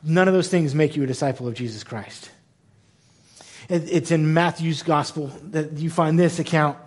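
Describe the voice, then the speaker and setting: Pastor guy preaching in a southern church, voice on the higher side, lively, stops and fixes his own words a lot. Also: normal speed. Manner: animated, self-correcting, acts out the people in the story. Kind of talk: sermon.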